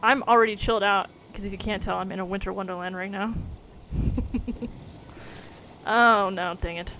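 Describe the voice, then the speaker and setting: A woman's voice: mid-range voice, steady tone, a little fast, fairly bright tone, a little hiss or hum. A young woman streaming a video game, chatting casually to her viewers, laughing often and exclaiming when things go wrong. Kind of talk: casual gameplay commentary.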